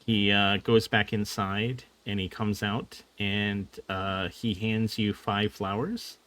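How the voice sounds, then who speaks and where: A man narrating a tabletop game as game master, halting with frequent fillers. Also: fairly low pitch, little pitch movement, fairly bright tone.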